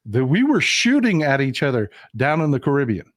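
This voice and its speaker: Male host, casual political commentary, folksy and animated, dry close sound. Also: medium pitch, moderate pace, no room sound. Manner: folksy, animated, mocks historical figures in quoted voices.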